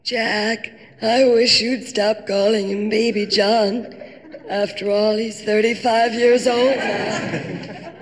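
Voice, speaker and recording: A woman playing a genteel first lady, speaking softly and slowly in an even lilt, on a reverberant 1960s comedy record. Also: mid-range voice, natural voice. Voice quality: soft, slow, lilting. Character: genteel first lady wife, soft and breathy.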